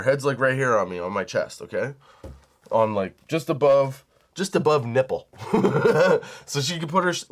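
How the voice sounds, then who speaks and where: Brief: young male comic host, loose and rambling, profane, storytelling mode. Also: mid-range voice. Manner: rambling, animated, swears casually. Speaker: comedy podcast host. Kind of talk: casual storytelling monologue.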